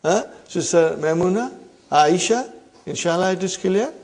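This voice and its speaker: A middle-aged teacher with a high-pitched, darkish voice and lively intonation takes a measured pace through an Arabic grammar lesson. Calling his class brothers and sisters, he frequently ends a point with "huh?" as a question.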